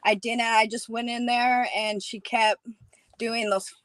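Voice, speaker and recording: A woman's voice: fairly high pitch, little pitch movement, measured pace, fairly bright tone, dry recording, low-quality recording. Chatty woman laughing between thoughts. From New Mexico, USA. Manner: chatty, laughs often, "you know what I mean". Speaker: guest fighter. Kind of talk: casual interview chat.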